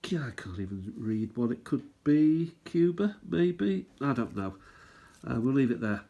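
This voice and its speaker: Husky man chatting casually. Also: medium pitch, big pitch swings, unhurried, dark tone, highs cut off. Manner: rambling, thinks aloud, easygoing. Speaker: stamp collecting channel host. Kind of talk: casual show-and-tell chat.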